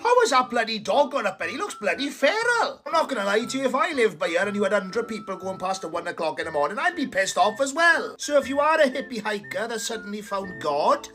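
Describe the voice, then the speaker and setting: Welsh man, comic ranter, high-pitched, exasperated and sweary. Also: very animated, fast, hardly any pauses, pushed and bright, faint music behind. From Wales. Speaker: comedy video creator. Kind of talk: comic rant to camera.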